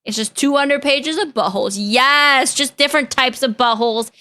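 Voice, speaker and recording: A young woman talks casually to her live-stream chat while reacting to videos. Her voice sits high and sounds bright. She jokes in a deadpan way that can come across as serious. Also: moderate pace. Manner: joking, deadpan, chatty with chat.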